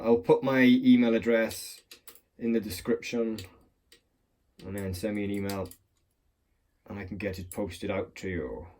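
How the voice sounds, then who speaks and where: A man's voice: fairly low pitch, darkish tone. A man chatting casually about picking locks, rambling and swearing with a self-mocking edge, recorded on a clamped phone. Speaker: lock picking hobbyist. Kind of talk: casual chat while demonstrating.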